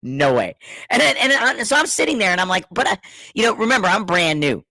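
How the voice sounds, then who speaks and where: A middle-aged man spins an animated story in casual chat, his pitch leaping all over. His voice has a gravelly edge, and the dry, close sound leaves no room echo. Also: quick pace. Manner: animated storyteller, laughs often, swears freely. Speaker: podcast co-host.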